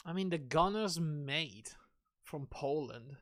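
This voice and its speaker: A man's voice: fairly high pitch, expressive, slow pace, fairly bright tone, dry recording, clean studio sound. A man streaming a game, chatting casually and musing aloud, asking himself questions. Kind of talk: casual gaming commentary.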